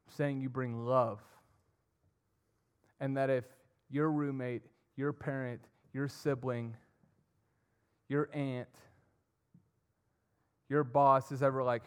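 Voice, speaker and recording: Young guy giving a sermon, earnest, gets loud then goes quiet, mid-pitch voice. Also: little pitch movement, slow, pauses often, clean tone. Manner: earnest, rising to emphatic and dropping to soft. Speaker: pastor.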